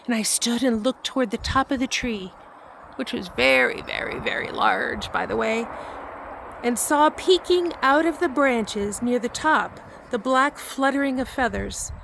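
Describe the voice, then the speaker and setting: A middle-aged woman hosting her own channel, telling a personal story softly and reflectively, laughing now and then. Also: fairly high pitch, expressive, measured pace, creaky, background noise. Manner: soft, reflective, laughs often. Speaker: vlog host and storyteller. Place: at home near a barn.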